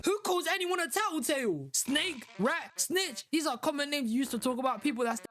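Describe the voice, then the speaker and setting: A man from London with a London accent giving scripted comedic commentary, incredulous and jumping up in pitch on his punchlines. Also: normal speed. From London, England. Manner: animated, incredulous, rises sharply on punchlines. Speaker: video narrator. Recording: voice-over with music underneath.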